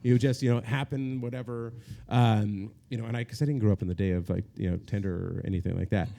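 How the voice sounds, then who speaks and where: A man telling an animated, self-deprecating story as a podcast guest, often breaking into laughter. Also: on the low side, quick pace, vocal fry. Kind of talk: casual storytelling. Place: podcast set at a magazine office.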